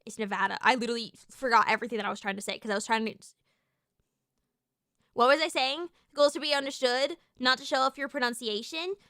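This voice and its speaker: A woman streamer chatting casually on a live stream, rambling and animated, often restarting her sentences and swearing now and then. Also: on the high side, fast talker, dry recording, clean studio sound.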